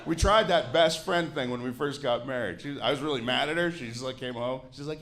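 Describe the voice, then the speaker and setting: A man's voice: medium pitch, brisk, fairly bright tone, a little hiss or hum. A man in his forties, a Canadian comedian, doing a grouchy, sardonic stand-up set with plenty of swearing on a club stage into a handheld mic. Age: 40s.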